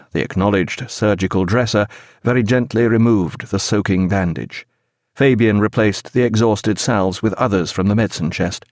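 An audiobook narrator reads a sea novel aloud in measured, even, scripted narration. His voice is on the low side, recorded with clean studio sound and no room sound.

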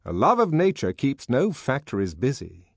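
A man reading an audiobook as narrator, in measured, expressive scripted storytelling. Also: mid-range voice, slightly rough, no room sound, clean studio sound.

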